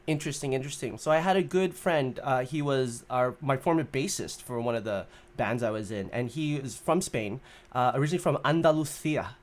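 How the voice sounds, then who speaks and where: A man's voice: mid-range voice, a little fast. A man hosting a casual livestream chat, upbeat and chatty, often laughing. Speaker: livestream host.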